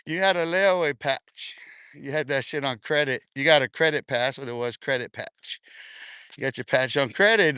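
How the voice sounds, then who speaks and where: Guy ranting live on stream, cocky n taunting, cussing nonstop, laughs a lot, bright clean voice. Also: medium pitch, normal speed, clean tone, no echo. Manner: taunting and boastful, swears a lot, laughs often. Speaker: livestreamer. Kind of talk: casual livestream rant.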